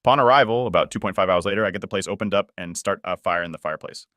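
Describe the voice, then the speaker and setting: Male narrator, very low voice, dry close sound; steady scripted first-person storytelling. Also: rapid-fire, no room sound.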